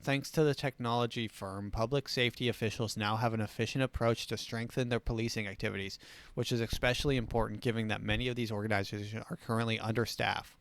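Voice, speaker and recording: A man's voice: on the low side, steady tone, quick pace, fairly bright tone, no room sound. A man hosting a comedy show, reading news items and riffing on them sarcastically. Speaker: show host.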